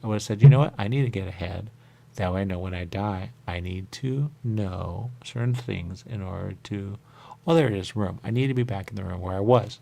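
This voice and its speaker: A man with a very low voice and a rough, gravelly fry, hosting a radio show. He rambles in loose circles, comes back again and again to a pet phrase, and jumps into squeaky high voices when he quotes others. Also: brisk, warm tone. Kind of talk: rambling spiritual monologue. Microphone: radio studio mic.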